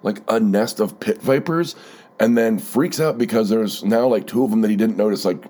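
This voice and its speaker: A man's voice: lowish voice, normal speed, mellow. A man hosting a solo podcast, rambling through a sardonic, profane story with many fillers, a bit stuffed up from a cold. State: stuffy, keeps blowing his nose. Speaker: podcast host.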